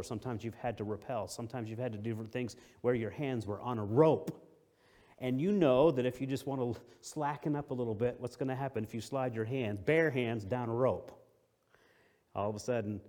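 Warm-voiced male preacher, emphatic and repetitive. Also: medium pitch. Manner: emphatic, repeats key phrases, swings between loud and soft. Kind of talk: sermon, verse-by-verse word study.

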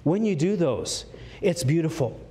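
A man preaching a sermon, earnest, slowing down to stress key words and climbing in pitch when stirred, with light jokes slipped in. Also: expressive, dark tone. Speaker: pastor.

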